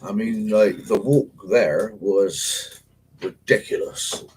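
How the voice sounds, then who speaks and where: A man's voice: lowish voice, takes it slowly, darkish tone, a little hiss or hum, poor audio. A man hosting a livestream for paranormal investigators, telling rambling, sweary stories to his viewers in casual slang. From England. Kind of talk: casual live chat with viewers.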